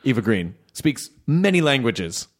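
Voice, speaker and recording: A man hosting a podcast in casual chat, rambling and joking, quick to laugh. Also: mid-range voice, big pitch swings, slightly rough. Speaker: podcast host.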